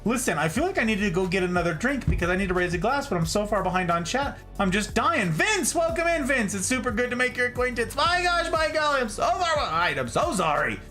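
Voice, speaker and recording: A man chatting casually on a live stream, effusive and quick to laugh as he greets his viewers. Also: very high voice, very animated, sharp tone, faint music behind.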